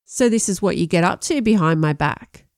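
A woman's voice: lowish voice, animated, moderate pace, dry recording, studio quality. A woman reading an audiobook, voicing a menacing, sneering teenage boy who bullies and threatens. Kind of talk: audiobook narration.

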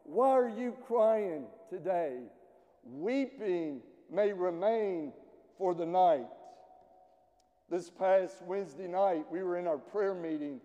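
A man preaching a sermon as pastor, slow and earnest with emotional pauses, in a church sanctuary. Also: high-pitched, warm tone, muffled recording. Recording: long church reverb.

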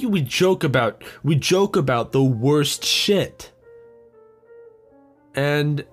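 A man's voice: on the high side, breathy edge. A young man hosting a podcast alone, rambling through a sarcastic, swear-heavy comedic rant. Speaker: podcast host.

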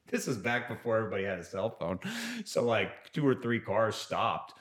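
A man telling a personal story as a guest on a podcast, animated and acting out what people said. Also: lowish voice, moderate pace, few pauses. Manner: animated, acts out quotes, trails off and restarts. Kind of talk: casual storytelling in a podcast interview.

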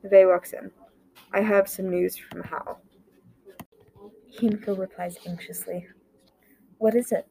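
A woman reading an original short story aloud, voicing the dialogue herself and dropping to a near-whisper in quiet moments. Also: medium pitch, level tone, measured pace, gravelly, long pauses, rough recording. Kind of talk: amateur story narration with dialogue.

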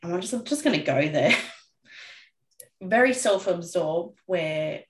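Frank reflective woman guest, thirties, low voice, roomy sound. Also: lively intonation, slow. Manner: frank and reflective, swears casually. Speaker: guest coach. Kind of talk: candid podcast conversation. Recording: roomy echo.

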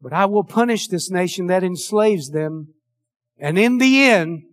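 Fervent high-voiced preacher. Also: male voice. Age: older. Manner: fervent preacher, swings from hushed to shouted. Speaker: pastor. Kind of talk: sermon.

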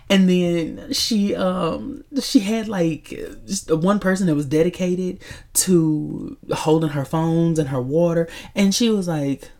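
A chatty woman reviewing a movie for her vlog, speaking straight to her viewers. Her voice is low and her delivery is animated and informal. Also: moderate pace. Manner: chatty, animated, addresses viewers as y'all, laughs often. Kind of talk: casual chat.

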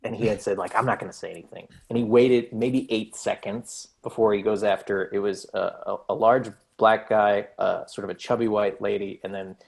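A man's voice: lowish voice, steady tone, vocal fry, husky. A man, a guest comedian, telling a story in casual talk, stumbling through fillers and restarts. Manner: halting, full of fillers and restarts.

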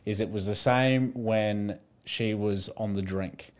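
A man hosting a podcast, relaxed and telling stories with casual swearing. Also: lowish voice, slow. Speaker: podcast host. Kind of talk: casual interview chat.

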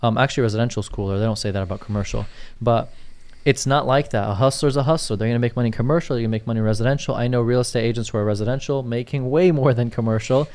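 A man's voice: medium pitch, very fast, few pauses, a little mellow. A man co-hosting a podcast in casual chat, reading out listener questions and checking in with "you get what I'm saying?". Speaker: podcast co-host, commercial real estate agent.

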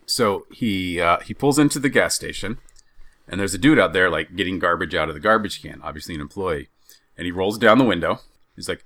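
A man from the western United States, co-hosting a podcast and telling a story in a casual, halting way, with lots of restarts. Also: low voice, dry recording, clean studio sound. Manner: animated, halting, with many restarts. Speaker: podcast co-host.

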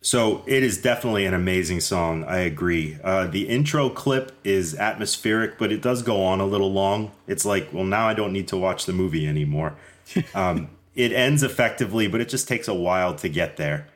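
A man's voice: sits low, fairly quick. A man hosting a music podcast, upbeat and chatty, who laughs easily and steers the discussion. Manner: upbeat, laughs often, leads the segments. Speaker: podcast host. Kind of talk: casual music review chat.

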